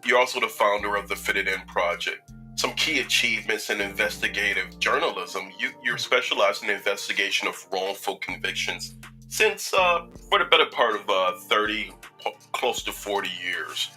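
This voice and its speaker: Male host from Chicago, a bit low and very bright, teasing and chatty, with soft music underneath. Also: lively intonation, normal speed, poor audio. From Chicago, United States. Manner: joking, chatty, lots of filler words. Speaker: talk show host. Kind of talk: casual interview introduction.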